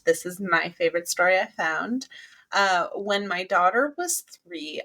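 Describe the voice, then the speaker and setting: A woman's voice: fairly low pitch, pushed and bright. A woman in her thirties co-hosting a casual podcast, blunt and frank, laughing through her stories. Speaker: podcast co-host. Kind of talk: casual chat.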